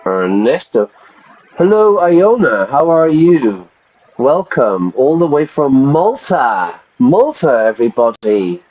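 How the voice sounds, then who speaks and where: Male ESL teacher streaming from home, chatty with viewers, mid-pitched voice, slightly dull lo-fi sound. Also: darkish tone. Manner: chatty, talks to viewers in chat. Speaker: English teacher streaming a game. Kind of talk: casual livestream lesson.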